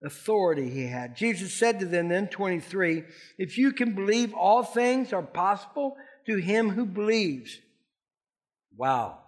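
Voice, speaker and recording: A man preaching a sermon, expressive and emphatic, leading his congregation in responses. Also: sits high, a little slow. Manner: leads the congregation in call-and-response. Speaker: pastor.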